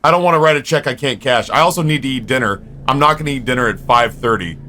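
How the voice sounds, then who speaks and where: A man streaming a game from home, telling stories to his viewers in an animated, foul-mouthed, casual way. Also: medium pitch, fast. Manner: animated storyteller, swears freely. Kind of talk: casual chat with viewers while gaming.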